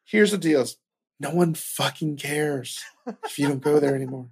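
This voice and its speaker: A man hosting a podcast, ranting in casual, profane commentary with animated outbursts. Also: fairly high pitch, moderate pace, gravelly. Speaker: podcast host.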